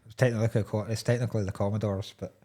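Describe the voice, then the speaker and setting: A man's voice: lowish voice, flat delivery, rapid-fire, warm tone. A man co-hosting a comedy podcast, telling crude, rambling stories and laughing at his own jokes. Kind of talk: casual comedy chat.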